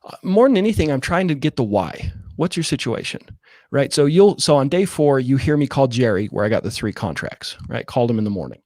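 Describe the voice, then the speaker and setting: A man in a casual interview breaks down his sales-call approach and acts out what he says on the phone. His voice sits at a middle pitch and sounds close and dry. He keeps checking in with "right?" as he goes. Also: expressive, a little fast, darkish tone, dry recording. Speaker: real estate wholesaler guest.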